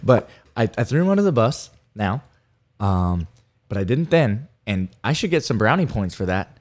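A man's voice: lowish voice, very animated, moderate pace, a little mellow. Guy on a podcast rambling thru team stories, lots of likes and ums, laughs a bunch. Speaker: podcast co-host. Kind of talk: casual storytelling chat.

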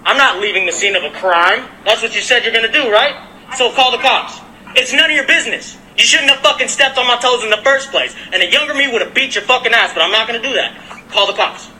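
A man confronts someone outdoors on a residential street, angry, profane and relentless, filming the exchange on his phone. His voice sits very high for a man and has a sharp, piercing edge. A faint hum of street noise runs behind him. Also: fast, rough recording. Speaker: delivery worker.

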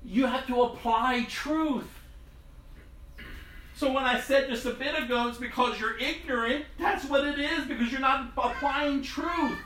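A man's voice: extremely high pitch, unhurried, bright, forceful tone, reverberant, far from the mic, slight background noise, rough recording. A man preaching a sermon in a conversational, storytelling way. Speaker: pastor.

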